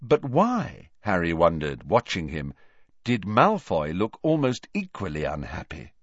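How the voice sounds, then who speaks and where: Male audiobook narrator, very lively pitch, dry dull studio sound. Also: unhurried, no room sound. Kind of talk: scripted narration.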